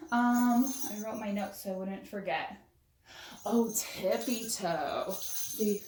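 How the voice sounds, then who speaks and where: A woman teacher showing a movement game on video, cheerful and chanting rhythmic cues for toddlers. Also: mid-range voice. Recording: echoey room, voice from far off.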